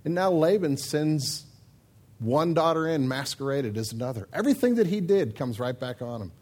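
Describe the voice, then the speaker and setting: A man with a notably high voice preaches a comic sermon. He tells the story in a joking, animated, conversational way, talking to his listeners directly. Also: normal speed. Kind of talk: humorous sermon.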